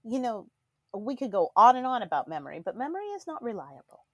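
Lively woman podcast co-host. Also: a little high, fast talker, no room sound, studio quality. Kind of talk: casual chat.

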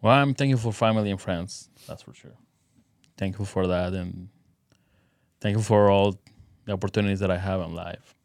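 A middle-aged man, a father appearing as a podcast guest, speaking in brief, relaxed casual chat. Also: deep voice, normal speed, long pauses, dry recording, clean studio sound.

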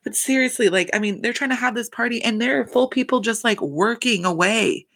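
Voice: medium pitch, a little fast, a bit bright. A reality TV recap host talking in a casual, chatty, profane way, full of fillers.

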